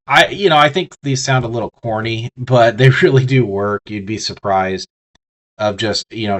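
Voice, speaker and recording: A man with a lowish, slightly bright voice teaches business communication in a casual lecture, and he has the hiccups. He speaks conversationally and directly to the listener, restarting often and using lots of fillers.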